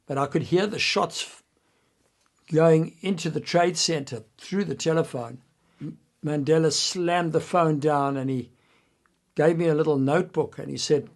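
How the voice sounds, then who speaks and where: Older man, slightly high voice, earnest storyteller, hushes at tense bits. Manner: earnest, quotes others in his own voice, voice drops low and quiet at tense moments. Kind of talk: personal anecdote.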